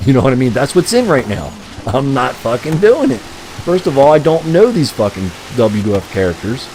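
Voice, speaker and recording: A man's voice: mid-range voice, big pitch swings, normal speed, a little mellow, slight background noise, low-quality recording. A man live-streaming a racing game, rambling and ranting crudely to his chat with frequent swearing and chuckles. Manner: profane, ranting, chuckling often.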